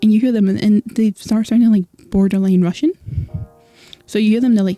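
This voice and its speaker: A woman's voice: medium pitch, fairly quick, warm tone, no echo, soft background music. A young Scottish woman streaming, chatting casually with viewers and laughing often. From Scotland. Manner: chatty, laughing, filler-heavy.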